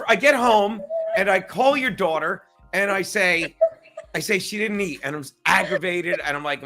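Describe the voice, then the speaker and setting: High, bright-voiced man telling a rambling story. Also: vocal fry. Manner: rambling storytelling, swears often, acts out quotes. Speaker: drop-in guest. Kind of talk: casual chat on a live stream. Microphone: video call.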